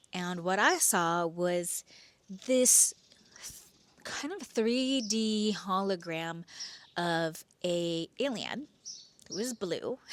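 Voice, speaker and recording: Woman telling a weird true story, lowish voice, dramatic whispery bits, speeds up n slows down. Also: a little hiss or hum. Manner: expressive, with sudden hushed whispered asides; pace swings between slow drawn-out and rushed. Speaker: podcast host telling a personal story. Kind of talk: first-person storytelling.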